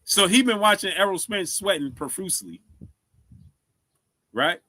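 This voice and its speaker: Bright-voiced man hosting a casual live stream. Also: high-pitched, animated, a little slow, no room sound. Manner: shouts out viewers, asks for likes; stumbles over words, repeats himself.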